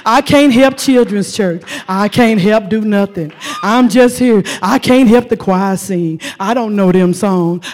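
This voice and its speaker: A woman's voice: mid-range voice, darkish tone, voice pushed down, close to an everyday voice. A woman voicing a wimpy churchgoer who mopes through excuse after excuse. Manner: limp, mopey excuses.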